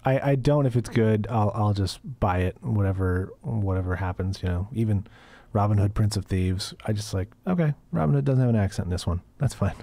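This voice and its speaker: Laid-back male co-host, hesitant, repeats words, low gravelly voice. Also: brisk, hardly any pauses, dark tone, dry recording. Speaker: podcast co-host. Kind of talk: casual comedic chat.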